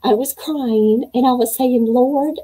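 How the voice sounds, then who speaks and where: A middle-aged woman hosting a virtual writing conference, telling her story in an emotional, faith-filled, excited way. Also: fairly high pitch, unhurried, poor audio. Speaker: conference organizer and host. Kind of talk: welcome speech to a virtual conference.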